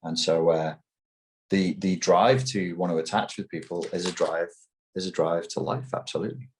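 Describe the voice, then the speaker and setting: Man, fairly low voice, interview guest, heated, emphatic, sweary, mocking. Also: steady tone, moderate pace. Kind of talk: heated opinionated talk.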